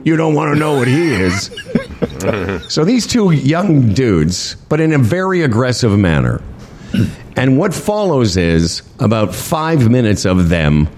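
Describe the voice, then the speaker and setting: A man casually telling a story among friends, animated and laughing, acting out what others said. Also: lowish voice, slight background noise. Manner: animated, laughing storyteller with lively voiced quotes. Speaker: podcast co-host telling a travel story.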